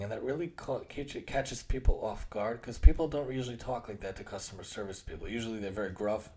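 An earnest man in his thirties hosts his own solo talk, speaking at a mid-range pitch. He keeps the tone casual and conversational. He often circles back to repeat and rephrase what he just said. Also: quick pace, few pauses, darkish tone. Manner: acts out quoted voices with shifts in tone. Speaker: occupational therapist and podcast host.

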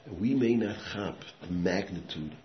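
A man giving a sermon with storytelling, dropping to hushed tones and rising to loud emphatic bursts, with Yiddish and Hebrew words mixed in. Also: low voice, animated, normal speed. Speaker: rabbi giving a talk. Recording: echoey room, muffled sound, faint background noise.

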